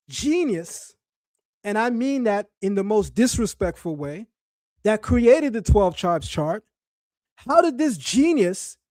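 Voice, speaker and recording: A middle-aged man, the son of West Indian parents, hosting a commentary talk to a live chat in an animated, mocking, emphatic way, often restarting his phrases. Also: extremely high pitch, dry recording, clean studio sound. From child of West Indian parents. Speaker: host.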